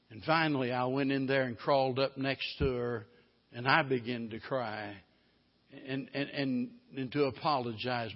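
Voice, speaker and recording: A middle-aged man, preaching a sermon as pastor, mixing folksy storytelling with emphatic preaching. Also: medium pitch. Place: church sanctuary. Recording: reverberant hall, muffled sound.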